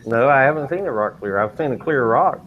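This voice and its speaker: A man's voice: medium pitch, lively intonation, brisk, narrow, tinny audio, crowd noise. A man from North Carolina, joking easily on a casual video call while running a giveaway. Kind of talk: casual group video chat.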